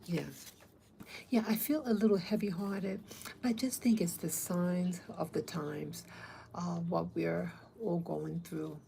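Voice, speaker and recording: A woman's voice: on the low side, steady tone, slow pace, dark tone, a little hiss or hum, poor audio. A woman talking casually to her viewers, rambling and hesitant with many fillers. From abroad, not from Africa. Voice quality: gravelly. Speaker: vlogger. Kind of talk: casual talk to camera.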